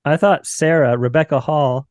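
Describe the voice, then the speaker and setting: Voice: mid-range voice, steady tone, normal speed, darkish tone, no echo, clean studio sound. A podcast host chatting casually, steering the talk in a playful way. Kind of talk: casual chat.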